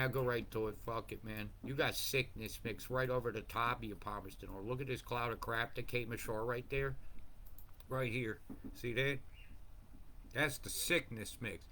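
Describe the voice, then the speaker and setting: Fluchender Mann, schimpfend über Wetterkarten. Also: male voice, medium pitch, bright, forceful tone, a little hiss or hum. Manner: profane, ranting, jumps between mumbling and bursts. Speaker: weather commentator. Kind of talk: rambling weather-map commentary.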